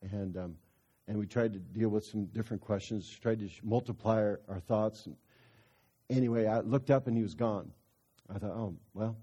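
A man's voice: lowish voice, normal speed, warm tone, husky, highs cut off. A man preaching a sermon, telling a story in a conversational way that builds into fervent exhortation.

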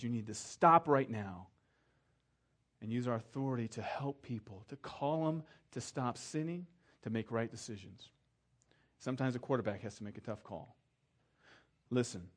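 A middle-aged pastor with a medium-pitched voice tells his sermon as a casual story. He plays the parts of the people he quotes, and drops to a softer tone for emphasis.

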